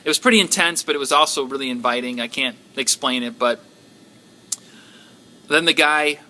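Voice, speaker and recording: Bright-voiced man sharing a testimony. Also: mid-range voice, slight background noise. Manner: casual, halting, lots of ums and likes. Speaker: church member sharing a testimony. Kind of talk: testimony to a prayer group.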